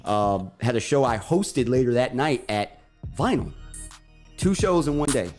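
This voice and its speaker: A man's voice: mid-range voice, measured pace, soft background music. Man animatedly telling a story on radio. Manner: animated storyteller acting out quoted voices. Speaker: radio show co-host. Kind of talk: casual storytelling on talk radio.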